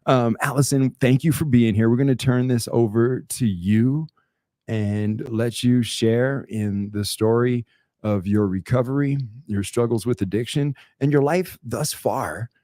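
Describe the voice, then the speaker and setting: A man's voice: mid-range voice, unhurried, warm tone, dry recording, studio quality. A man hosting a casual interview show. He is friendly and chatty, with frequent restarts. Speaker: host. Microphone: close studio microphone.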